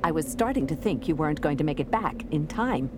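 A woman reading the part of an alert female fighter giving quick orders. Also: sits low, lively intonation. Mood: urgent. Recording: noisy recording.

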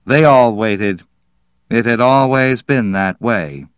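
A man narrating an audiobook in a measured, deliberate way. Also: medium pitch, smooth, no room sound, studio quality.

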